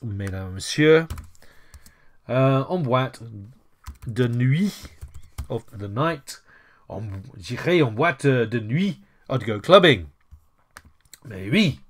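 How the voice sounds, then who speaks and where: Man, French teacher, unhurried, chatty asides, mid-pitched. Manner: chatty, addresses viewers as ladies and gents, self-correcting asides. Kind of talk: casual lesson while writing on a board.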